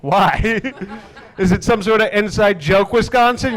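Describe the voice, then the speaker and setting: A young man performing a stand-up comedy set, deadpan with wry asides that build into exasperated rants. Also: high voice, measured pace. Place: comedy stage before a live audience.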